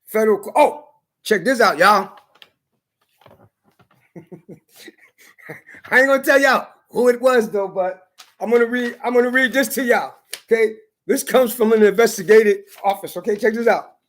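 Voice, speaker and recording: A man's voice: sits high, moderate pace, pauses often. Man, vlogger, angry defiant rant; emphatic and repetitive delivery.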